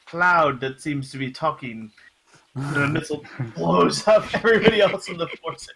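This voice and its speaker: A man's voice: a little high, moderate pace, gravelly, crowd noise. A young man running a tabletop game as game master, casual and joking with many fillers.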